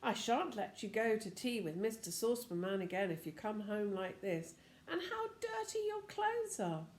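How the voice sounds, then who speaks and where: A woman's voice: mid-range voice, very animated, normal speed, roomy sound, a little hiss or hum, close to an everyday voice. An older woman reading the part of a fretful mother scolding her children in a storybook.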